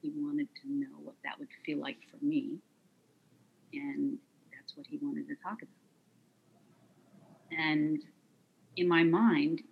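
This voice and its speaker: A middle-aged woman recounting a personal story in an interview, quiet, measured and halting. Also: sits low, vocal fry, muffled recording, a little hiss or hum. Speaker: guest.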